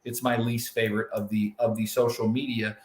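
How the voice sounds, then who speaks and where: A man's voice: medium pitch, little pitch movement, a little fast. Casual male co-host in an echoey room. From United States. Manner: casual, with frequent restarts. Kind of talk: podcast conversation.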